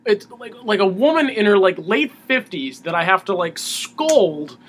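A man, a musician guest in an interview, talking casually in a halting way with many restarts. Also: sits high, sing-song, a bit bright, slight background noise.

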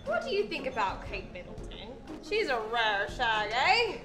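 A woman playing an American woman who is faking a girl, with a loud, rowdy manner that stretches her words out. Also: fairly high pitch, wildly swooping pitch, a little slow, music in the background.

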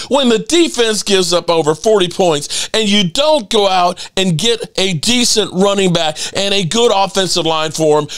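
A man's voice: sits high, lively intonation, unhurried, a bit bright. Heated, profane man ranting. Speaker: sports channel host. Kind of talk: ranting commentary.

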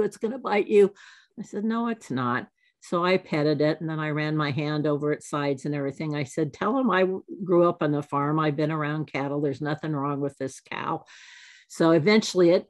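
A woman in her seventies giving a talk, telling lively anecdotes and acting out the exchanges she quotes. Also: low voice. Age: 70s. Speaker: alumni speaker. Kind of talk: storytelling talk.

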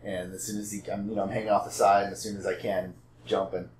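A man playing a tabletop game, talking in a laid-back, joking way in quick bursts. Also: deep voice, level tone, a little mellow. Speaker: player. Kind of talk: casual tabletop game play. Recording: echoey room.

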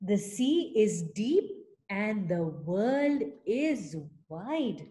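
A woman's voice: medium pitch, big pitch swings, extremely slow, dark tone. A woman voicing a tiny wistful female sea snail who sighs and longs to see the world.

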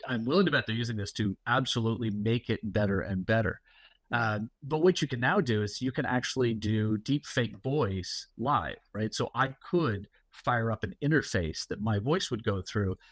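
A man's voice: on the low side, normal speed, dry recording. Man explaining things in a dry-sounding interview. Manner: explanatory, storytelling, many fillers. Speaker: guest security executive. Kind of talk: casual interview talk.

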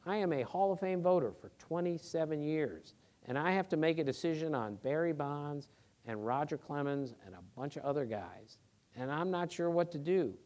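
A middle-aged man, a sports reporter, answering audience questions on a theater stage in an animated, earnest way, with emphatic rhetorical questions. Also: fairly high pitch, moderate pace. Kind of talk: live Q&A talk.

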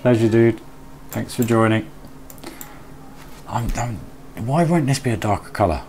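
A man's voice: mid-range voice, a little slow, darkish tone, slight background noise. A man live streaming a building game, chatting casually, reading and answering his chat aloud and muttering to himself as he works.

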